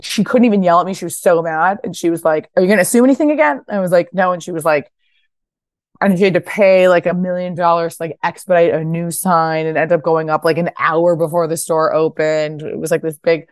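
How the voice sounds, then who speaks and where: A woman in her thirties, a fashion founder guesting on a podcast, telling stories casually and acting out quotes with bursts of high voices. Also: little pitch movement, a little fast, no room sound. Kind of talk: casual interview storytelling.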